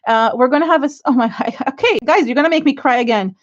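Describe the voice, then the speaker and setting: A woman's voice: high voice, fast talker. A middle-aged woman with an Israeli accent, chatting frankly and effusively to viewers on an art livestream, rambling with many fillers and restarts. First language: Hebrew. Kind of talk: casual livestream chat while inking. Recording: dull lo-fi livestream audio.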